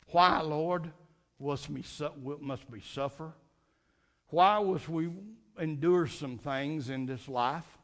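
A man's voice: on the high side, slow, a bit bright. A man preaching a fervent Sunday night sermon, repeating and restarting phrases as he builds his points.

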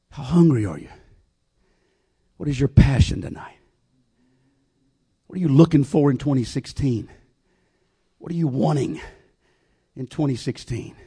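A man's voice: medium pitch, mellow, breathy edge. A man preaching a revival sermon, repeating his phrases over and over and calling out to the congregation. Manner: repetitive, call-and-response preaching.

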